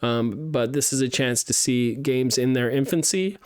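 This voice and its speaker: A man's voice: mid-range voice, moderate pace, darkish tone, clear, resonant tone, dry recording, clean studio sound. Chatty man playtesting a game live. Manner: chatty, thinks aloud, many fillers and restarts. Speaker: streamer playtesting student games.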